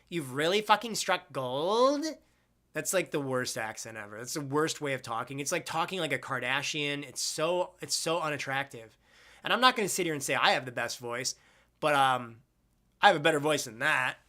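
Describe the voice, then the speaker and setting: On a live stream, a young man with a fairly high, bright, forceful voice chats loosely with viewers at normal speed. He rambles, turns blunt, and swears casually as he reads comments aloud, sounding expressive throughout.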